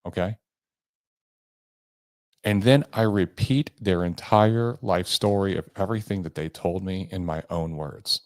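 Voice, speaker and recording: He speaks low-pitched and a little slowly, a podcast host and sales trainer giving motivational solo coaching on sales. His delivery is emphatic, changing pace and tone for effect, captured in studio quality without echo.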